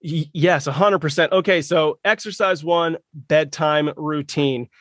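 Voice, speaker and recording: A man's voice: a little high, a bit bright, no echo. Upbeat man host with a dry close sound. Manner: upbeat, quick to affirm the guest. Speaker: podcast host. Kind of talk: casual interview talk.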